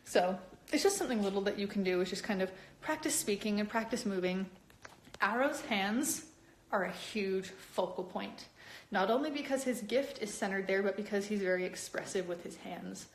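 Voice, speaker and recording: A young adult woman chatting casually on a live stream, talking with viewers in an animated, lively way. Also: moderate pace, slight background noise. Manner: chatty and animated, with many upward pitch jumps. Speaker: cosplayer hosting a live stream.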